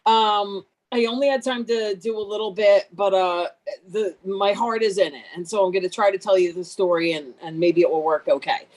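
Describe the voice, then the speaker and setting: Woman in her 50s on a video call, loud brash funny storyteller, pokes fun at herself. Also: medium pitch, normal speed. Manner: brash, animated, self-mocking. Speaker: workshop participant. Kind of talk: comic storytelling.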